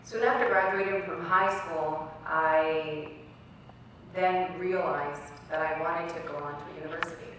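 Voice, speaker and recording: A woman's voice: deep voice, steady tone, unhurried, noisy background. A young woman giving a personal speech as a guest speaker, telling her story earnestly and acting out quoted dialogue. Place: college event hall. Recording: very echoey hall recorded from far off.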